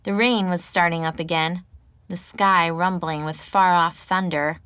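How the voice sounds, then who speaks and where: A woman narrating an audiobook in a measured, even storytelling manner. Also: on the low side, clear, resonant tone, no room sound.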